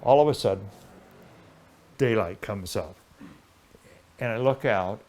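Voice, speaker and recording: An older man, a guest in an interview, telling a long anecdote in a lively, rambling way with many restarts. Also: fairly low pitch, slow pace. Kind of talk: casual anecdotal storytelling.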